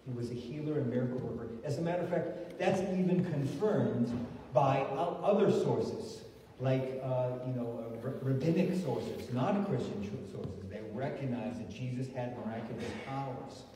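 A man's voice: mid-range voice, moderate pace, warm tone, slight background noise. A man giving a sermon as a pastor, telling stories with many restarts and acting out the quoted voices. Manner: storytelling, acts out quoted voices, frequent restarts. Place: church sanctuary. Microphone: recorded from the pews. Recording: distant echoey hall recording from the pews.

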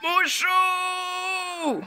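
A bright, piercing cartoon dog voice, done by a home-made movie performer that swoops wildly up and down. It drawls its words slowly and bursts into gasps and shouted exclamations, endlessly overexcited. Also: high-pitched, exaggerated voice. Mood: overjoyed shouting. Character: excitable cartoonish pet dog.

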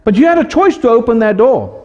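A man's voice: very high voice, sing-song, a little fast, a little mellow, long reverb tail, highs cut off. A man preaching a sermon as pastor, asking his congregation questions as he goes.

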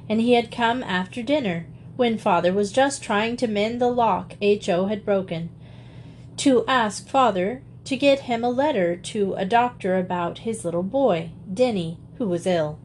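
A woman reading a classic children's story aloud, with measured, lively storytelling. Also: a little high, slight background noise. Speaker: audiobook reader. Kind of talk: storybook narration.

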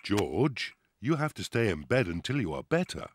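A man's voice: on the low side, very animated, moderate pace, breathy edge, no room sound. An actor playing a patient, reassuring father pig in a children's cartoon.

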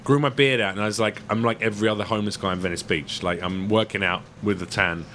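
A British comedian as a podcast guest, joking and rambling in casual banter, swearing freely. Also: male voice, fairly low pitch, steady tone, quick pace, a bit bright, slight background noise. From Britain.

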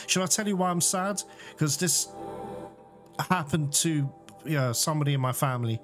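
A man with a slightly high voice giving casual let's play commentary. He chats directly to his viewers and swears freely. Faint game music plays in the background. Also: normal speed, long pauses. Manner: chatty, swears, keeps addressing viewers. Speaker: gaming YouTuber.

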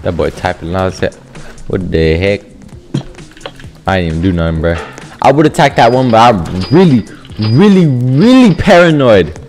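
A man giving animated gameplay commentary over voice chat, swinging between mumbled asides and loud yelling. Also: on the low side, normal speed, pauses often, over music. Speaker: gaming YouTuber.

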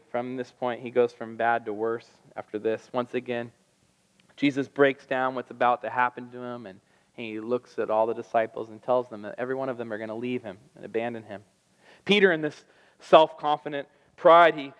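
A man preaching a sermon as pastor, telling the story with animated energy and acting out the voices. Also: medium pitch, clean tone, in a large hall. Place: church sanctuary.

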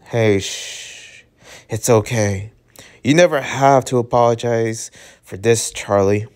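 A man voicing a kind teenage boy who speaks gently and soothingly. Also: medium pitch, animated, measured pace, natural voice. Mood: gentle.

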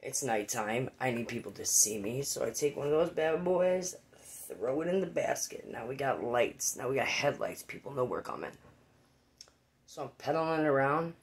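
A man casually telling a rambling, profane personal story, quoting friends with animated voices. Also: mid-range voice, moderate pace, slight background noise.

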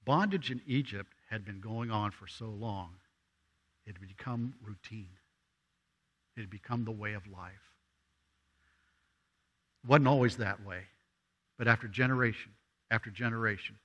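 A man delivers a sermon in a church. His tone is bright and forward, and he keeps it conversational. He throws questions at the congregation and acts out the voices of people in the story. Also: lowish voice, moderate pace, pauses often, slightly rough, highs cut off. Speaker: guest preacher. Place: church sanctuary.

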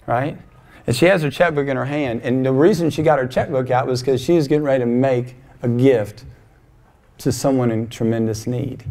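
A male pastor giving a passionate sermon to a congregation, swinging between emphatic highs and quiet, low asides. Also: vocal fry. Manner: passionate, emphatic preaching with wide swings in loudness. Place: church sanctuary before a congregation.

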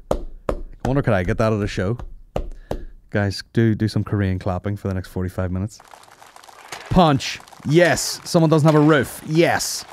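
A man's voice: lowish voice, a little mellow, a little hiss or hum. A man hosting a comedy podcast, rambling and swearing freely in casual banter on a close mic. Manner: sweary, rambling, laughs at his own jokes. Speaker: podcast host.

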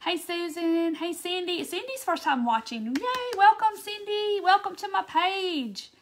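A woman's voice: very high-pitched, a little slow, slight background noise. A woman from Mississippi with a Southern accent, hosting a live crafting stream and chatting in a bubbly way as she greets viewers by name. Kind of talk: casual live-stream chat.

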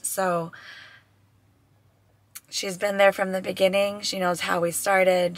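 A woman in her twenties talks to her camera in an easy vlog style. She gushes and gets emotional, with a sigh here and there, and her voice sits a little low. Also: no room sound. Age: 20s. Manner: gushing and emotional, with sighs. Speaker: vlogger and bride-to-be. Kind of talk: casual vlog talk to camera.

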